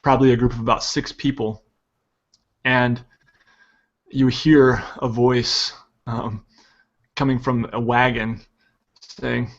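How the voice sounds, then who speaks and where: A man narrating a tabletop game as game master, hesitant and filling pauses with ums. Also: mid-range voice, level tone. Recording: dull lo-fi audio.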